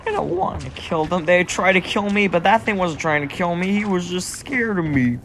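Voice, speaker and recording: A man's voice: high voice, moderate pace, fairly bright tone, a little hiss or hum. A young man casually commentating a game as he plays, rambling to himself and to his viewers. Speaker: gaming YouTuber. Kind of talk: casual let's play commentary.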